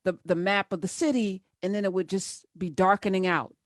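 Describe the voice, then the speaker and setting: A woman's voice: mid-range voice, steady tone, moderate pace, no room sound, studio quality. A woman hosting an interview, chatty and enthusiastic. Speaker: radio show host.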